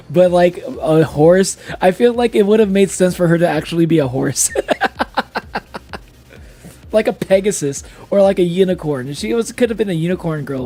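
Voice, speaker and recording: A man's voice: high voice, dark tone. A man streaming live in casual chat, a little tipsy from drinking, who laughs often and swears freely.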